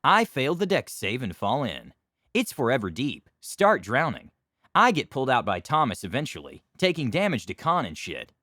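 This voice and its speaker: A man narrates a tabletop game story with a wry, deadpan touch. His pitch moves in wide, lively swings. The sound is dry and close. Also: normal speed, dry recording.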